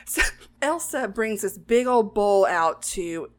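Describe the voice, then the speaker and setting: A woman's voice: mid-range voice, slow. A woman co-hosting a podcast, casually recapping a film and acting out the characters' lines. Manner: animated storytelling, acts out characters' lines. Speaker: podcast co-host. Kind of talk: casual movie recap chat.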